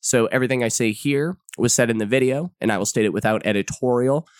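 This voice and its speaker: Snarky male commentator, mid-pitched, sneering swoops upward, close dry sound, no room echo. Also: quick pace, clean tone. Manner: sarcastic and profane, mock-dramatic jumps into high pitch. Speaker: online commentator. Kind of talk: sarcastic commentary monologue.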